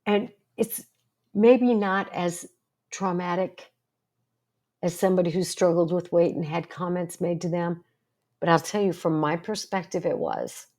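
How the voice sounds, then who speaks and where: An older woman with a lowish voice tells stories from her own life and draws a lesson from them. She talks in an earnest way and keeps asking rhetorical questions. She sounds like a psychologist speaking to the people in her support group. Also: measured pace, a little mellow. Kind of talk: casual talk to camera.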